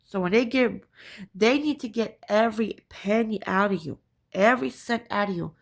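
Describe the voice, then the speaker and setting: A woman's voice: medium pitch, moderate pace, vocal fry. A woman ranting to camera, profane and emphatic, repeating her points and asking "right?" again and again. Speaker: spiritual vlogger.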